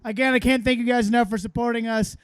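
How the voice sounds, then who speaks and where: Very high-voiced male host. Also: fairly even intonation, fast, clean tone, no room sound. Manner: upbeat, thankful pitch to the crowd. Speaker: comedy show host. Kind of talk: closing announcements. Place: outdoor park show.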